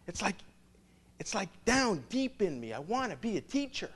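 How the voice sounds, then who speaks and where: A man's voice: high-pitched, sing-song, moderate pace, pitched above the performer's own voice. A man voicing an earnest young female college student, speaking in a heartfelt way.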